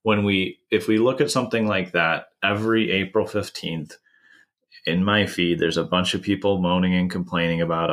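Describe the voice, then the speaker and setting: A man's voice: deep voice, fairly even intonation, moderate pace, fairly bright tone. A man from the United States explaining a marketing idea in a conversational podcast, with many restarts. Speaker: marketing consultant.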